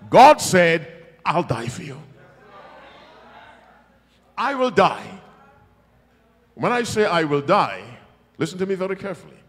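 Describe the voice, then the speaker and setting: A man's voice: high voice, sing-song, a little slow, pauses often. Preacher guy, emphatic, teases the crowd, swoops up and down a lot, long echo in a big church hall. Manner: emphatic, teasing the congregation, sudden loud bursts. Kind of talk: revival sermon.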